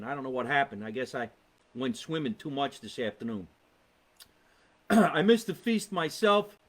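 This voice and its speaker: A comedian with a New Jersey accent and a fairly high, fairly bright voice hosts a casual live podcast. He chats and reads viewer comments aloud, rambling and tossing in exasperated asides.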